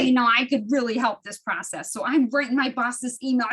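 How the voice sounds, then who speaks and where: A woman in her fifties sharing personal stories in a study group over a video call, animated and emotional, often restarting her sentences. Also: on the high side, brisk, hardly any pauses.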